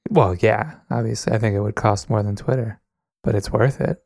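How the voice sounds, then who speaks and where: Gravelly young man, dry comedy co-host. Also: lowish voice, steady tone, moderate pace, a little mellow, dry recording. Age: young adult. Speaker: podcast co-host. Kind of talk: scripted comedy podcast.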